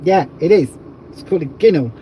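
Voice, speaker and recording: A man's voice: a little high, animated, fairly quick, highs cut off, slight background noise. A man from the south of England hosting a casual livestream, chatty and rambling with plenty of jokes. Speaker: livestream host.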